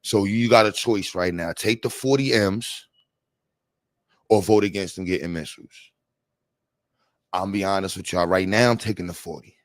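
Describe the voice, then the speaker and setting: Slangy New man, low voice. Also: moderate pace, pauses often, no room sound. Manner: slangy, animated, laughs often, reads chat aloud. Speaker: livestream panel host. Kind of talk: casual livestream talk. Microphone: streaming mic.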